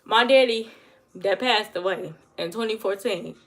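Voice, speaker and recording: A woman's voice: mid-range voice, unhurried. A woman giving blunt, emphatic advice to her viewers on a casual livestream and answering the chat. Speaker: livestream host.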